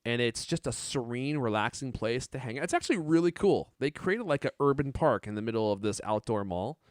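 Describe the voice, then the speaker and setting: A man's voice: medium pitch, lively intonation, a little fast, no room sound, studio quality. A man co-hosting a tech podcast in casual chat, joking and rambling, laughing often. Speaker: podcast co-host.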